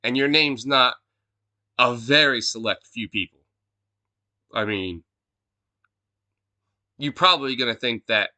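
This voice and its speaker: A man's voice: mid-range voice, pushed and bright. A man streaming a video game live, ranting casually and swearing a lot in a scornful tone.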